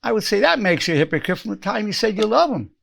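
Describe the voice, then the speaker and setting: A man's voice: high voice, big pitch swings, fast, gravelly. A man in his eighties, a psychologist giving an earnest spoken self-help lesson, repeating lines for emphasis and acting out quoted phrases. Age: 80s.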